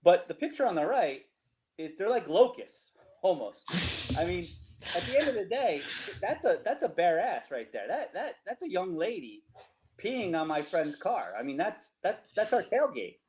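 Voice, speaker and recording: Middle-aged man with a New Jersey accent, lively cranky storyteller, voice slightly high for a man. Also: moderate pace, rough recording. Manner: animated, laughing, repeats himself, rhetorical "right?". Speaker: storyteller guest. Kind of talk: casual storytelling over slides.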